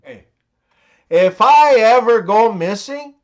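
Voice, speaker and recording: A man in his forties narrating a string of jokes in an unhurried way. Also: high-pitched, big pitch swings, fairly bright tone. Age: 40s. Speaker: joke teller. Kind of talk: narrated joke compilation.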